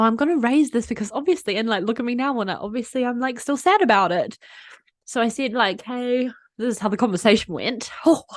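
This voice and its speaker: A woman hosts her own solo podcast, speaking candidly and emotionally about her feelings in a rambling way that leans heavily on "like." Her voice is medium-pitched, and the clean studio sound has no echo.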